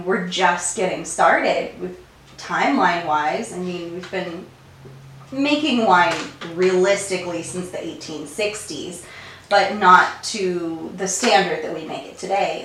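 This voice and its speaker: A woman's voice: lowish voice, measured pace, fairly bright tone. Woman host in a roomy distant recording. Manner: encouraging, brief affirmations. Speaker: podcast host. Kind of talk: casual conversational interview. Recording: roomy and distant, faint noise.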